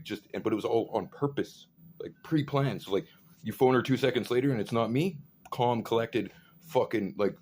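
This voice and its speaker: Man, lowish voice, profane rambling rant, faint background hiss. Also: darkish tone. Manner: profane, rambling, full of fillers.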